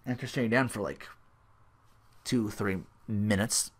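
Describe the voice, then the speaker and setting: A man's voice: lowish voice, fairly even intonation, measured pace. A man hosting a solo podcast, recapping a wrestling show in a rambling way full of likes and restarts. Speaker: podcast host.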